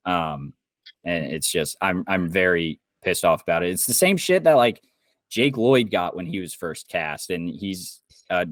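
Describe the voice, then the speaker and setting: A man's voice: low-pitched, lively intonation, unhurried, no echo, studio quality. A young man from Indiana, co-hosting a podcast, ranting heatedly and swearing a lot. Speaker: podcast co-host. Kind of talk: casual podcast chat.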